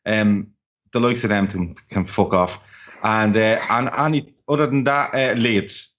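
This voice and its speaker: A man's voice: on the low side, fairly even intonation, unhurried, a bit bright, a little hiss or hum. A man, co-hosting a football podcast with blunt, sweary rants. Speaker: podcast co-host. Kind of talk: casual football banter. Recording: dull, lo-fi call audio.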